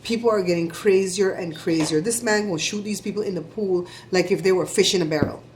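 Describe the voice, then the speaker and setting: A middle-aged woman vlogger giving chatty, animated shout-outs to her viewers. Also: lowish voice, a little fast, noisy background. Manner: chatty, animated storytelling with laughs.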